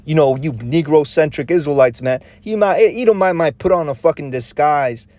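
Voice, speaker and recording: A man's voice: on the high side, normal speed, darkish tone. A man teaching scripture in an informal street-preacher way, full of slang and profanity, with frequent restarts and rhetorical questions. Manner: rhetorical questions, checks in with "all right?" and "man".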